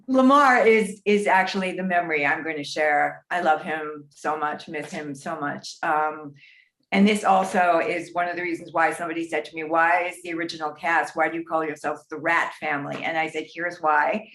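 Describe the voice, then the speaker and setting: A woman, an original cast member, telling a lively story on a video call and acting out the quotes. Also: deep voice, normal speed, reverberant. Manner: lively anecdote teller, acts out quotes.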